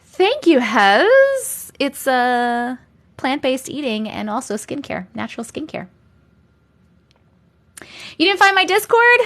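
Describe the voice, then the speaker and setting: A woman's voice: high voice, sing-song, takes it slowly, pauses often, fairly bright tone. A woman hosting a live stream, chatting casually with viewers, reading out their comments and laughing often. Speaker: livestream host reading viewer stories.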